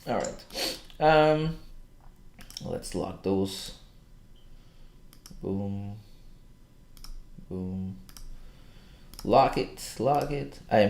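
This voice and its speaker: Heard in an echoey room, a man of medium pitch keeps up slangy, casual chatter with viewers while studying charts during a live trading stream.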